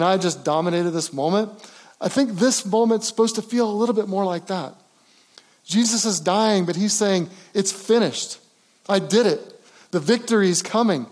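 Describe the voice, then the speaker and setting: High-voiced man preaching a sermon. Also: darkish tone. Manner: conversational, frequent restarts, rising to emphatic cries. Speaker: pastor.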